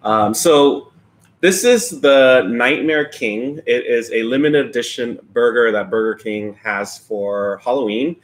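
A man with a mid-range voice co-hosts a mukbang live stream indoors, with lights dimmed behind him. Unhurried, he chats casually, teases his partner, and greets viewers by name.

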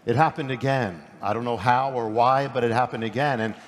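A middle-aged man preaching at a conference in a quick, conversational way, often restarting his sentences. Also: medium pitch. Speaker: pastor and speaker. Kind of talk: conference sermon. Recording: long hall reverb, faint noise.

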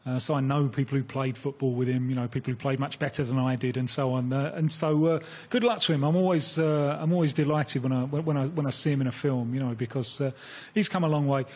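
A man from England, a football expert guest on a radio phone-in, talking in a relaxed, self-deprecating way with many restarts. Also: medium pitch, fast talker, slightly rough. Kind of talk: casual radio discussion. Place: radio studio.

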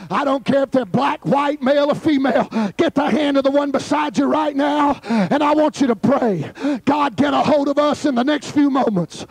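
A man preaching a fervent Pentecostal sermon at a youth camp service and shouting in bursts. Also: very high-pitched, creaky, no echo.

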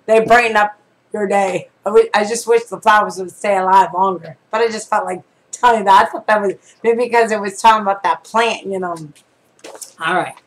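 A woman's voice: medium pitch, steady tone, brisk, poor audio. A woman prophetess preaching on a live stream, reading scripture earnestly and then talking in a chatty, conversational way with asides and prayers. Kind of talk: casual devotional talk with reading and prayer.

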